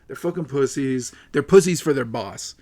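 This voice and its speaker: A man streaming live, ranting with lots of swearing, upset and close to tears, swinging between loud outbursts and low mutters. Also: moderate pace. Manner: profane, agitated, swings between yelling and muttering. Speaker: livestreamer.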